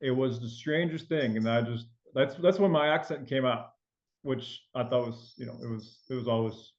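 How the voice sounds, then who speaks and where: A man's voice: mid-range voice, moderate pace, muffled recording. A man raised in France with a faint French accent, a loan officer chatting casually as a guest in an interview, full of fillers and restarts.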